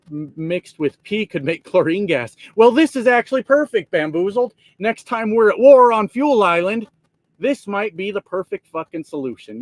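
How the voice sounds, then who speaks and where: A man's voice: high-pitched, dry recording. A man, hosting a trucker livestream from his truck, chatting casually and reading comments, swearing freely and laughing often. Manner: profane, rambling, laughs often. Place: inside a truck cab.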